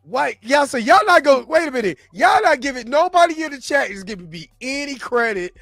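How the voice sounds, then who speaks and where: A man's voice: very high-pitched, very animated, a little fast, a bit bright, no room sound. A man co-hosting a casual livestream chat, laughing and protesting a lot. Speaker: co-host.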